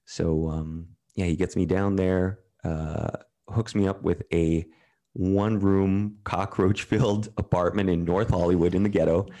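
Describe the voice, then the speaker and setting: A man with a very low, mellow voice tells his story in a loose, candid way. He drops swear words freely and slips into other people's voices when quoting them. He sounds relaxed and unhurried. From Canada. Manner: candid, profane, retells quotes in others' voices. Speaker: podcast guest. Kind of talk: casual storytelling.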